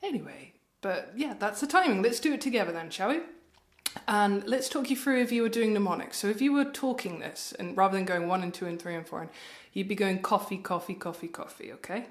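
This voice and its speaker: Woman ukulele tutor, chatty and encouraging, mid pitch, echoey room. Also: lively intonation, brisk. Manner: chatty and encouraging, counts beats aloud. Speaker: music tutor. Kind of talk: friendly instrument tutorial. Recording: roomy echo with ukulele playing.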